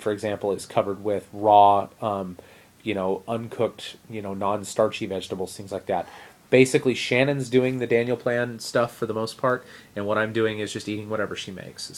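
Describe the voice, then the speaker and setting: Man, lowish voice, casual video diary, rambling, many fillers, self-deprecating. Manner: rambling, with frequent fillers and restarts. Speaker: teacher sharing a fitness update.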